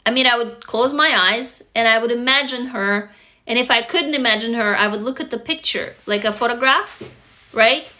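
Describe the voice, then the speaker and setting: A woman who grew up in Russia talks earnestly to her viewers on a live phone stream. Her voice sits a little high and sounds bright and clear. She coaches them step by step and keeps checking that they follow. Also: moderate pace. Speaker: livestream host and author. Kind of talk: casual live-stream talk.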